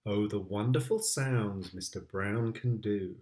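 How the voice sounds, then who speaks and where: A man's voice: fairly low pitch, a little slow, darkish tone. A British man, a father, reading picture books aloud to his child, playful and sing-song, with sound effects.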